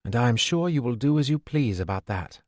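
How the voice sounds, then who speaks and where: Audiobook figure: practical, stubborn young woman, voiced lightly by a man, matter-of-fact and brisk; dry booth sound. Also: mid-range voice, expressive, darkish tone, no echo, close to an everyday voice.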